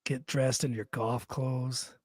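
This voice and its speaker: A man's voice: medium pitch, flat delivery, takes it slowly, dry recording, studio quality. A man co-hosting a live podcast, chatting casually and joking with plenty of swearing. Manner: profane, rambling, joking. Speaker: podcast co-host.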